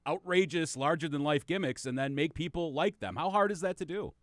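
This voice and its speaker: A male host asking the guest long, relaxed setup questions. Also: a little high, a little fast, no room sound, studio quality. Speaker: show host. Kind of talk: interview questions.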